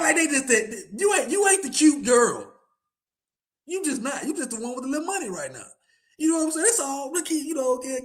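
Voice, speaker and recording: Animated high-voiced man ranting. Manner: animated, ranting, slangy, repeats himself. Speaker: podcast host. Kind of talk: casual sports podcast rant.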